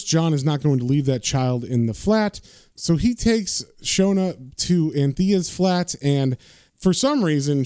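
A man's voice: on the high side, warm tone, clear, resonant tone, no echo, clean studio sound. A man casually retelling a comic book issue, chatting with fillers as he goes.

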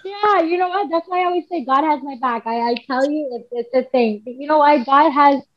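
A woman's voice: sits high, brisk. A woman, a podcast guest telling a long story in casual chat, rambling with many fillers and quoted self-talk. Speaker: podcast guest, MMA fighter and coach. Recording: dull lo-fi podcast audio.

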